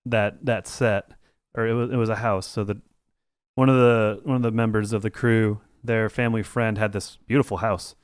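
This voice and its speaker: A man's voice: on the low side, little pitch movement, moderate pace, smooth, dry recording, clean studio sound. A man co-hosting a podcast, chatting casually and rambling through his stories with lots of "like" and restarts. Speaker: podcast co-host. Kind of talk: casual chat.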